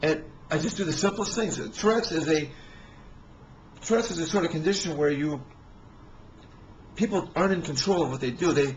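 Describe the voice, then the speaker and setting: A man telling rambling personal stories in a halting way, with many restarts and fillers. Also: on the high side, highs cut off, slight background noise.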